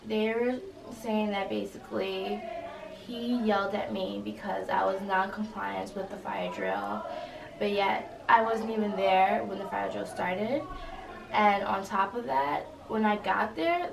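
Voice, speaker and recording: A young woman, a college student, recounting an incident in an interview, halting and full of fillers. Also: medium pitch, creaky. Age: young adult. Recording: roomy echo, distant mic, faint noise.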